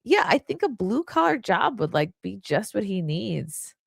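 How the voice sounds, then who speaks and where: Very animated, with a mid-range, husky voice and vocal fry, this woman hosts a livestream at normal speed. Her chat is casual and rambling, full of "like" and earnest asides, with viewer comments read between stories, in a dry, clean studio recording.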